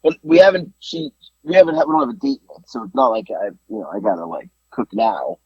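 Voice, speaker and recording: A man's voice: lowish voice, quick pace, slightly rough, no room sound. A man hosting a podcast in casual chat. He tells stories with lots of energy, rambles, and keeps restarting his sentences, on a dull, dry lo-fi recording. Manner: animated rambling storyteller, frequent restarts. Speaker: podcast host.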